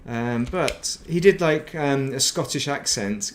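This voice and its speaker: A middle-aged man chats casually while streaming a game, rambling, reminiscing and muttering to himself. His voice is mid-range and a little slow.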